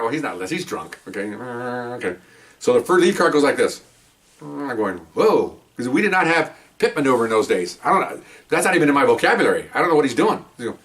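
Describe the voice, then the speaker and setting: Older guy, ex-cop, telling stories real animated, voice jumps all over, bit far from the mic. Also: medium pitch, brisk. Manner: animated, acts out voices, laughs, many restarts. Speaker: retired police officer telling stories. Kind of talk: casual storytelling.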